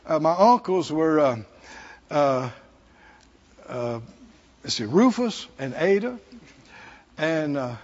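A man's voice: on the high side, lively intonation, slow, pauses often, a little mellow, highs cut off. A man with a Southern American accent preaching a sermon in a church, folksy and humorous, chuckling between points. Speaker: pastor. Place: church sanctuary.

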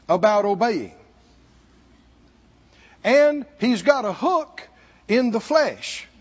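Slow-preaching high-voiced man in a hall. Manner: slow, pausing delivery with asides to the congregation. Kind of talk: sermon. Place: church hall. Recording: dull sound in a hall with long reverb.

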